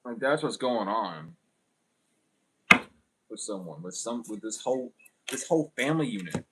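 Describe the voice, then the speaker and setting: A man's voice: fairly low pitch, animated, moderate pace, slight background noise. A young man giving a casual tarot reading, rambling and blunt with plenty of swearing. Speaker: tarot reader.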